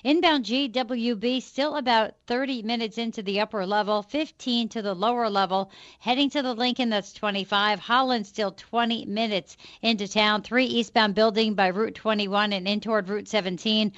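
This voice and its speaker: Brisk woman on a lo-fi traffic report. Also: medium pitch, fairly even intonation, fairly bright tone, dry recording. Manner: fast and matter-of-fact.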